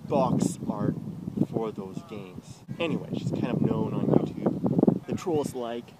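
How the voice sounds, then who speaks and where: A man telling a story in an excitable, profane rant and acting out the quotes, from a noisy old video clip. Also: medium pitch, slow pace. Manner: excitable, swearing, acts out quotes. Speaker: vlogger.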